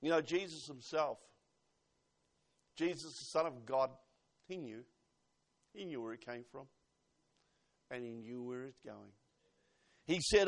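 A man preaching a fervent sermon to a congregation, swinging between loud exhortation and hushed asides. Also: mid-range voice, a little slow, pauses often.

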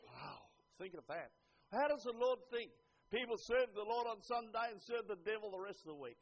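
An older man preaching a sermon, earnest, dropping to a hush and then rising to emphatic lines. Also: high-pitched, expressive, moderate pace. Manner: earnest, swings from hushed to emphatic. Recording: dull lo-fi recording.

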